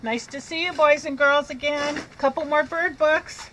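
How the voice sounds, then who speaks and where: A woman with a high, bright voice leads a children's reading lesson. She talks slowly and clearly, sounding out letters and words to encourage young learners. A faint hiss of background noise sits under her voice. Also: steady tone, poor audio. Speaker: reading teacher.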